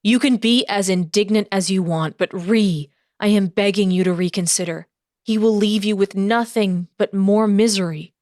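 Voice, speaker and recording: A woman's voice: medium pitch, normal speed, a little mellow, no echo, clean studio sound, close to an everyday voice. A woman voicing a remorseful young pirate who pleads earnestly with his estranged sister. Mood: pleading. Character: penitent young man, estranged pirate brother.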